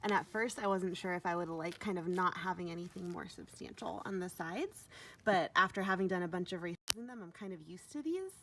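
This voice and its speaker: A woman's voice: lowish voice, animated, fairly quick, a bit bright, a little hiss or hum. A young woman giving a chatty, upbeat vlog review of running shoes, full of fillers.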